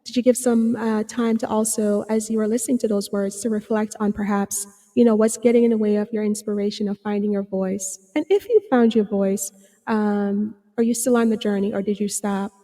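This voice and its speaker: A woman hosting her own podcast as a psychotherapist, talking earnestly with many fillers and restarts, a little hoarse. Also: medium pitch, level tone, a little fast, dark tone, big-room sound. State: slightly hoarse, clearing her throat. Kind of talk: reflective solo podcast talk.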